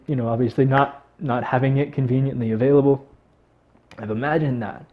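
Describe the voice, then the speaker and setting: A man speaking to camera in a vlog, teary and on the edge of crying, talking in an emotional, halting way. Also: medium pitch, steady tone, muffled recording. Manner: emotional and halting, breaking into nervous laughs. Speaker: vlogger. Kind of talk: heartfelt talk to camera.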